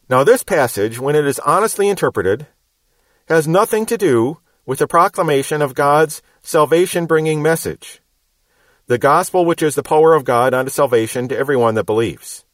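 A man teaching the Bible verse by verse, explaining word meanings in a measured, emphatic way. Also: mid-range voice, lively intonation, dry recording.

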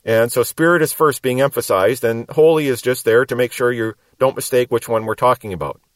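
A man teaching the Bible verse by verse, explaining word meanings in a measured, emphatic way. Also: mid-range voice, dry recording.

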